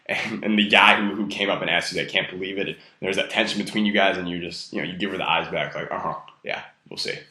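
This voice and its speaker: A man's voice: low voice, steady tone, fast talker, few pauses, sharp tone, reverberant. A young man giving blunt, profane dating advice in a casual monologue, heavily stressing key words and amusing himself. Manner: blunt, profane and self-amused.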